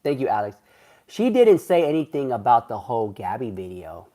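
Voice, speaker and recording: Casual male streamer, mid pitch, gossipy and rambling, chatting to viewers live. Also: sing-song, normal speed, dark tone. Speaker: livestreamer reading chat. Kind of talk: casual livestream chat.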